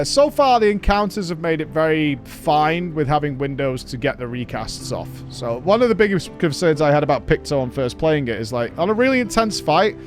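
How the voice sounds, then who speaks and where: Lively, joking male game streamer. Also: fairly high pitch. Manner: lively, joking, swearing, cheering on teammates. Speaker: streamer playing an online game. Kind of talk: casual gaming stream chatter.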